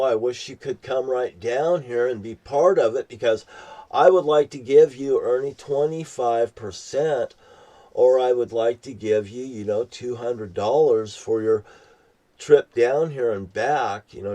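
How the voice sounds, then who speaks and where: A man's voice: mid-range voice, mellow. An older man with a profane, ranting manner, rambling through a personal story he tells as a vlogger. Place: outdoors near a beach. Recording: distant from the mic.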